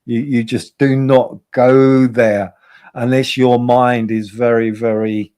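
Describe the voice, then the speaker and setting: A man hosts a loose livestream chat. His voice is of ordinary pitch. He talks bluntly, swears freely and stumbles over repeated words as he rants. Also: little pitch movement, slow pace, a little mellow, smooth. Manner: blunt, profane, repeats himself. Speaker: host.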